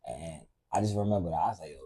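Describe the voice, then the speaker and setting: A man's voice: low-pitched, fast, dark tone, breathy edge. A man chatting casually on a podcast, telling stories in a laid-back, joking way. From United States. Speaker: podcast guest. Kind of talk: casual chat.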